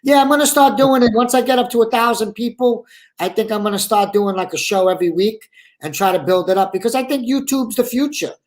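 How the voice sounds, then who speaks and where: A man's voice: high voice, brisk. A man with a Brooklyn accent, a guest actor and comedian, chatting casually in a live interview over a video call, rambling with lots of "you know" and "like". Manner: rambling and talkative, full of 'you know' and 'like'.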